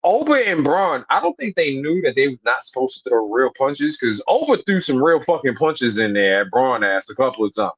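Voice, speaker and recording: Male co-host, middle pitch, blunt profane chatter, dry lo-fi audio. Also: animated, brisk, few pauses, a bit bright, slightly rough, no echo. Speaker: podcast co-host. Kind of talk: casual wrestling chat. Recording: dry dull lo-fi sound.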